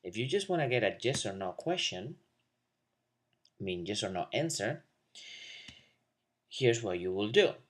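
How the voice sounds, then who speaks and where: A man teaching a video language lesson, explaining question forms and slowly modeling example sentences for learners to repeat. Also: fairly low pitch, very animated. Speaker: Spanish teacher.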